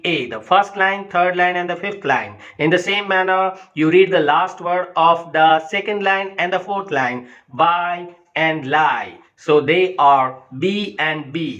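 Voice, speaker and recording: A man's voice: on the high side, fairly bright tone, muffled recording. A man, teaching poetry in a patient lecture that often checks in with "okay" and "you know". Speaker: English literature teacher.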